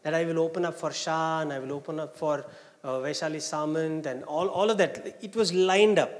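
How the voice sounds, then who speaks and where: A man's voice: on the high side, moderate pace. A man with an Indian English accent telling a personal testimony, acting out the people he quotes. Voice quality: animated, acts out the people he quotes. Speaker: speaker giving a personal testimony. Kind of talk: storytelling testimony. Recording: long hall reverb.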